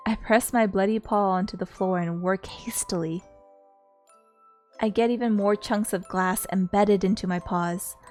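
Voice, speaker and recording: A woman's voice: mid-range voice, darkish tone. A woman streamer reading a story game aloud in an earnest way, stopping now and then to talk with her viewers.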